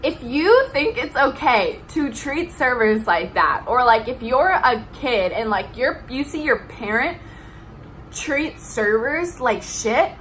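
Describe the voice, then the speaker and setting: A young woman tears into a heated, swear-heavy rant straight to her vlog viewers. Her voice sits a little high and rings bright and sharp. A faint hiss of background noise runs under the recording. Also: animated, takes it slowly, poor audio. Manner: heated, profane, emphatic ranting. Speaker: vlogger. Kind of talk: ranting vlog.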